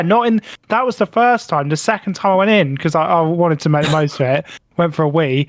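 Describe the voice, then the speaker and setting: Animated man telling a story. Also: on the high side, brisk, few pauses, dry recording. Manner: animated, swears freely, acts out his own reactions. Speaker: podcast co-host. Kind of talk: casual storytelling banter.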